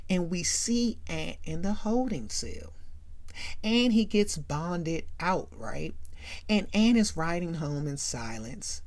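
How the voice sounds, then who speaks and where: Hosting a laid-back movie recap, this woman talks slowly in a lowish voice. Her manner is animated and chatty, with a constant "right?" to check in.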